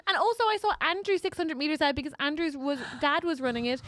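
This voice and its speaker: A woman co-hosting a comedy podcast, telling stories in a rambling, animated, casual way. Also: high voice, quick pace. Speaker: podcast co-host.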